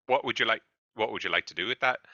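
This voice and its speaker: A man's voice: fairly low pitch, fast, pushed and bright, dry recording, muffled recording. A man doing a curt, distracted old blacksmith. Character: gruff busy male blacksmith shopkeeper.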